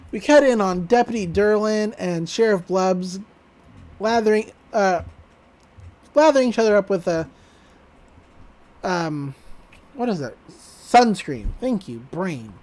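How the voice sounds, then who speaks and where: A woman's voice: medium pitch, expressive, slow pace, long pauses, a little mellow. Giggly woman recapping a cartoon episode. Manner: chatty, giggly, with frequent fillers. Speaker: podcast co-host.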